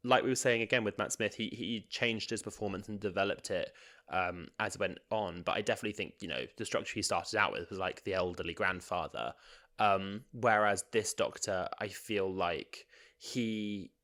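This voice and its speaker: A man, co-hosting a podcast in a relaxed, giggly way with plenty of fillers. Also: fairly low pitch, moderate pace. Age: 20s. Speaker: podcast co-host. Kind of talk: casual chat.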